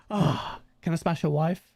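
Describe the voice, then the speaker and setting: A man's voice: sits high, takes it slowly, vocal fry, husky, no echo, studio quality. A man hosting a podcast, teasing his guest with laughing banter. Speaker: podcast host. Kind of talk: casual chat.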